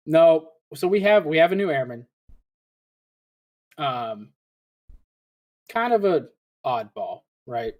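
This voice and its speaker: A man co-hosting a casual live stream, relaxed and joking, swearing and laughing often. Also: a little high, slow pace, pauses often, narrow, tinny audio. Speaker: co-host. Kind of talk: casual chat.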